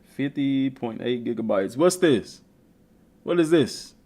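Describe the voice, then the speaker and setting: A man's voice: mid-range voice, slow pace. A man chatting casually and trash-talking as a gaming streamer. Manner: animated, trash-talking, slangy. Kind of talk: casual chat while browsing a game.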